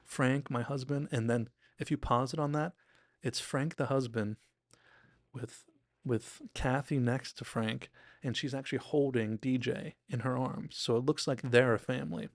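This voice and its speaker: A man's voice: mid-range voice, fairly even intonation, normal speed, gravelly, no echo, studio quality. A man hosting a podcast, giving an enthusiastic, rambling and self-deprecating casual recap of a TV episode. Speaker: podcast host.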